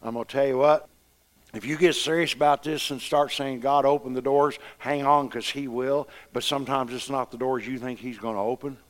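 A man's voice: mid-range voice, fairly even intonation, brisk. A middle-aged man preaching a sermon, telling homespun stories with rising fervor. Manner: folksy, impassioned storytelling preacher.

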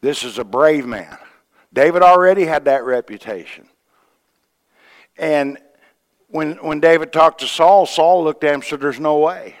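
A man's voice: a little high, a little slow, pauses often, long reverb tail. A man preaching a sermon, retelling a scripture story in a folksy way with quoted voices and asides to the church. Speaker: pastor.

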